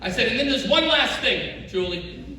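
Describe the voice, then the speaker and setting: A man headlining a comedy show in a high school auditorium, telling rambling, self-mocking stories. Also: animated, moderate pace. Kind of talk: stand-up set. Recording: echoey auditorium from far off, loud crowd.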